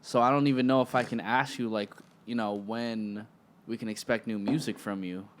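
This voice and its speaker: A man hosting a casual interview show, speaking in a relaxed, slangy and supportive way with lots of affirming replies. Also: lowish voice, normal speed, background noise. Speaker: podcast host.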